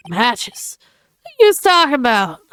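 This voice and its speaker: A woman's voice: a little high, measured pace, a bit bright. A woman voicing a bullying male mobster lobster in a put-on Brooklyn accent that slips southern, with blustering tough-guy slang. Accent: put-on Brooklyn, drifting southern. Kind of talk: voicing game text in a playthrough.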